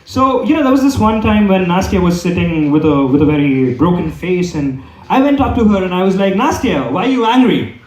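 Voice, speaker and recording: A young man doing stand-up in a comedy club hall, his voice high for a man and swinging up and down with lively energy. He rambles through his set and keeps checking in with the crowd. The mic picks him up from a distance, so he sounds roomy. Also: a little fast. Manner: rambling, repeats "okay?" often. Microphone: handheld microphone.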